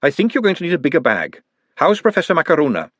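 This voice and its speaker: A man doing a brisk, bossy young woman. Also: fairly high pitch, huge pitch swings, dry recording, pitched above the performer's own voice. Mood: urgent. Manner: brisk, commanding.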